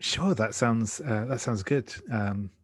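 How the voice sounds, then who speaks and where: A man playing a tabletop role-play game, talking haltingly with many fillers and restarts. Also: lowish voice, breathy edge, no room sound. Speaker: player.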